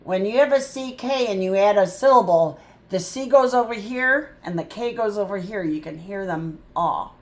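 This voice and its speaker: A woman tutor teaching a phonics lesson, sounding out words slowly and thinking aloud in a chatty way. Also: medium pitch, animated. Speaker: reading tutor.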